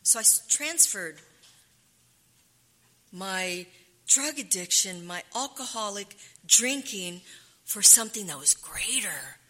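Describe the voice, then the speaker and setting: A woman's voice: mid-range voice, animated, slow pace, pauses often, bright, forceful tone. A woman sharing her recovery story at a meeting, candid and emotional, often restarting her sentences.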